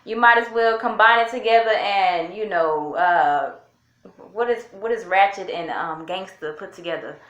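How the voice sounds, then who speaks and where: A woman's voice: medium pitch, moderate pace, fairly bright tone, muffled recording. A woman hosting a reaction video, chatting to her viewers in a hyped, casual way. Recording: roomy echo.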